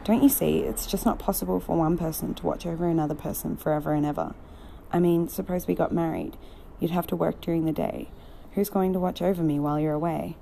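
A woman's voice: sits low, fairly even intonation, vocal fry, mellow, slight background noise. Woman reading as a fragile, intense young woman. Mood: pleading. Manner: earnest, pleading, quickening when upset.

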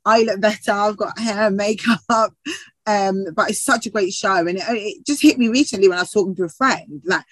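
A woman's voice: medium pitch, a little fast, no room sound, rough recording. A woman TV presenter and actor from the UK, chatting in an interview with frequent laughs and restarts. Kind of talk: casual interview chat.

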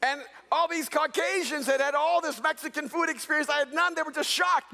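A man from El Salvador preaching a sermon as a pastor, telling funny stories in an animated way. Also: extremely high pitch, brisk, few pauses, in a large hall. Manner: animated storytelling with jokes.

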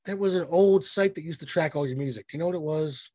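A man's voice: on the high side, fast, warm tone, no echo. A man co-hosting a podcast in casual chat, blunt and profane, telling rambling stories. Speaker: podcast co-host.

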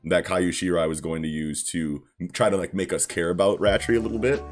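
A man's voice: sits low, steady tone, brisk, over music. A young man co-hosting a casual podcast, laid-back, swearing freely and laughing often. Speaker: podcast co-host. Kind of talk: casual chat about manga.

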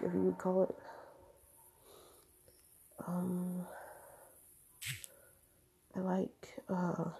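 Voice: mid-range voice, vocal fry, mellow, a little hiss or hum, rough recording. A young adult rambling hesitantly in a casual monologue to camera, with a voice cracking from allergies.

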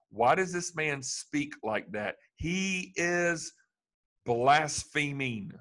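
A man preaching a sermon, reading Bible passages aloud and explaining them with animated emphasis. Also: medium pitch, low-quality recording.

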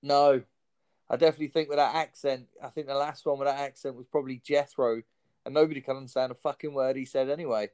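A man's voice: medium pitch, fairly even intonation, fast talker, a little mellow, smooth. A man hosting a comedy podcast in casual chat, joking and laughing often.

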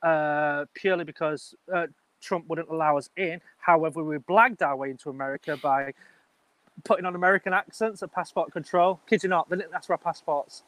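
A man's voice: a little high, brisk, dry recording, low-quality recording. A man in his thirties with an English accent, a wedding business owner telling his story in an interview in a chatty, rambling way. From England. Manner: chatty, animated, rambling with restarts.

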